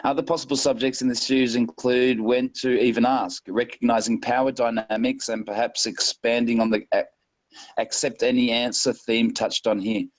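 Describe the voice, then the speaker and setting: A man's voice: mid-range voice, little pitch movement, normal speed, dry recording, rough recording. A man in a casual online hangout, reading quotes aloud and mocking them with sarcastic asides. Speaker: hangout participant.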